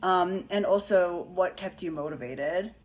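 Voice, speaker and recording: Low-voiced woman co-host asking questions. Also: unhurried. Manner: hesitant questions with fillers. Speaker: podcast co-host. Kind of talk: casual interview talk.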